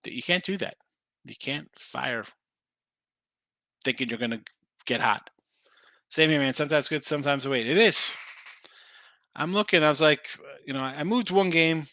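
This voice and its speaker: A man's voice: a little high, moderate pace, long pauses, bright, forceful tone, no room sound, studio quality. A man hosting a sports betting show, casually running through picks and answering viewers. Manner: loose, rambling, answers chat comments. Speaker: sports betting podcast host.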